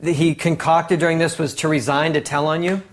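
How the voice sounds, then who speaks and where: A man's voice: fairly high pitch, level tone, brisk. A man in casual chat, cutting in with sarcastic, mocking remarks. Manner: sarcastic interjections, mocking asides. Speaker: podcast co-host.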